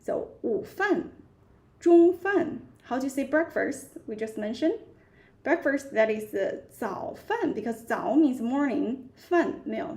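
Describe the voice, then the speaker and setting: A woman teaches a live beginner language class online, patiently repeating each word. Her voice sits a little high, with a gravelly fry running through it. She talks at a slow, deliberate pace. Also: expressive, darkish tone. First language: Chinese. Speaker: Chinese teacher.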